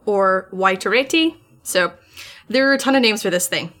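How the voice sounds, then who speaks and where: A woman's voice: medium pitch, moderate pace, fairly bright tone. Chatty woman podcast host. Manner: chatty, lots of "like" fillers, laughs often. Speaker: amateur folklorist. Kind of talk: casual chat.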